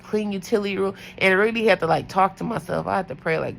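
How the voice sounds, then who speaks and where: Gravelly-voiced woman telling a work story. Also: fast, slight background noise, rough recording. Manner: chatty, acts out quotes in higher voices. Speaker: night nurse vlogger. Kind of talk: casual storytelling.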